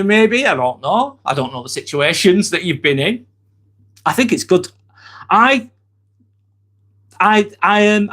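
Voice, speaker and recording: Guy in his 40s on a live stream, fairly high voice, swears a lot, blunt and candid. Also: fairly bright tone. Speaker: livestream host. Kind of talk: casual live-stream talk reading chat comments.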